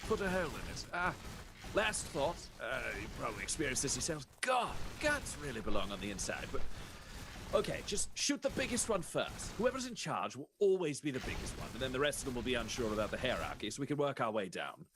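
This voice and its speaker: A man playing a soldier squad leader, laying out a battle plan in calm, methodical commands. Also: mid-range voice, fairly quick, noisy background, natural voice. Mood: commanding. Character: male squad leader giving battle orders. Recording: music playing behind the voice.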